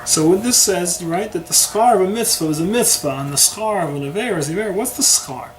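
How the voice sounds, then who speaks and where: A man's voice: sits high, fast talker, rough recording. A man teaching a conversational Torah class who keeps checking in with his listeners by asking "right?". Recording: steady background noise.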